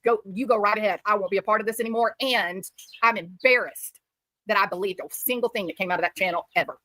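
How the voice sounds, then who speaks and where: A woman's voice: medium pitch, quick pace, pushed and bright, no echo. A woman giving heated commentary as a streamer, scolding and repeating herself for emphasis.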